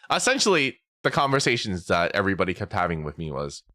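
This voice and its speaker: Animated young man with a lively voice. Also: low voice, moderate pace, no echo, clean studio sound. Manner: animated storytelling, swearing, frequent laughs and restarts. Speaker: VTuber streamer. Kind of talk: casual chat stream.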